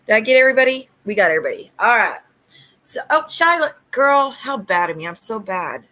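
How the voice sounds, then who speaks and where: A woman hosting a casual livestream at home, talking bluntly and sassily with quick retorts to her viewers. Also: a little high, big pitch swings, bright, forceful tone. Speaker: livestream host.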